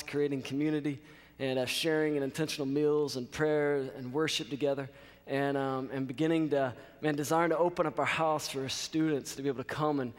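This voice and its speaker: A man in his thirties telling a lively story as a college chapel speaker, often checking in with his audience. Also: fairly high pitch. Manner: animated storyteller, checks in with "okay?". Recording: reverberant chapel hall.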